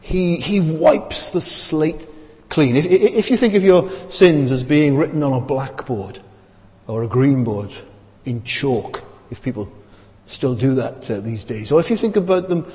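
A male preacher at a middle pitch delivers a sermon in an emphatic manner, repeating phrases and asking rhetorical questions. His voice rings out with a long reverb, as in a large hall. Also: lively intonation, normal speed, mellow.

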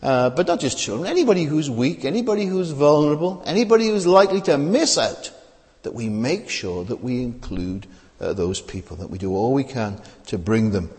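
A man preaches an earnest sermon, leaning on rhetorical questions and frequent "uh" fillers. His pitch rises and falls in a lively way, and long reverb trails behind his voice in a large hall. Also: fairly quick.

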